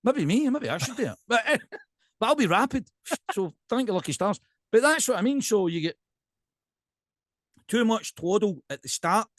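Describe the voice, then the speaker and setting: A man with a Scottish accent, a podcast guest and pipe band drummer, chatting casually in an animated ranting way and often checking in with "right?". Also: high-pitched, normal speed, pauses often, dry recording, studio quality.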